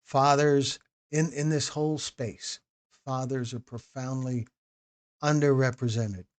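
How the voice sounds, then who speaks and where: A man hosts a live stream after a documentary premiere and speaks casually to his viewers. He addresses people in the chat by name, repeats himself and restarts phrases as he talks. His voice sits at an ordinary middle pitch. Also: steady tone, slow pace.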